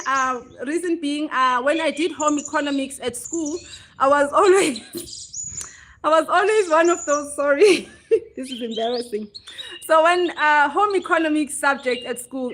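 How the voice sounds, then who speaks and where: High-voiced woman hosting a casual livestream. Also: a bit bright, a little hiss or hum. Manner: chatty, reads and answers viewer comments aloud; laughs easily, self-deprecating. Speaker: livestream host.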